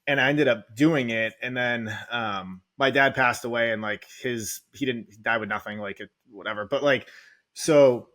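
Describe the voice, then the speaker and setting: A man's voice: mid-range voice, normal speed, a bit bright. A man, telling his story candidly as a podcast guest, full of "like" fillers and close to tears. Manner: rambling, heavy "like" filler, emotional. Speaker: real estate investor guest.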